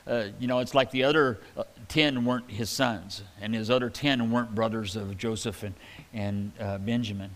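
A man preaching a sermon in a relaxed, conversational way, reading scripture aloud and adding casual asides. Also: lowish voice, moderate pace. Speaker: pastor. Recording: hall reverb.

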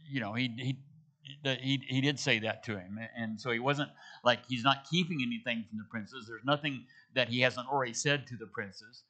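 A pastor with a medium-pitched, pushed, bright voice preaches at a moderate pace. His sermon is expository Bible teaching: he reads scripture and retells it in casual, everyday dialogue, restarting often.

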